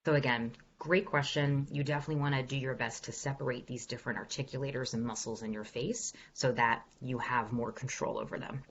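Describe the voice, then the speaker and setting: A woman's voice: extremely low pitch, steady tone, fairly quick, few pauses. A woman voice coach leads an online workshop Q&A, upbeat and encouraging as she walks listeners through exercises. Her voice comes through a video call with a slightly muffled, lo-fi sound. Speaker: executive voice coach.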